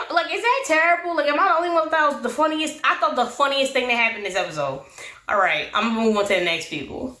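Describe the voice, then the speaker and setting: A young woman gives a casual, sassy recap of reality TV. Her voice is bright and a little high. She is recorded in an echoey room. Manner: sassy, exasperated, quoting people in mock voices. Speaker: TV recap host.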